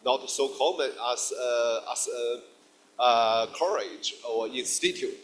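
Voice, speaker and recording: Middle-aged Chinese-accented man, slow halting guest lecturer, lots of fillers. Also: medium pitch, a bit bright, a little hiss or hum. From China. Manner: halting, many fillers and restarts.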